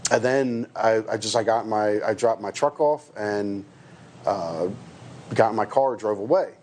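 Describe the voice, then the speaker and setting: A man's voice: lowish voice, measured pace, darkish tone, slight background noise. A man from the United States, a truck driver, giving a hesitant personal account with many restarts and fillers.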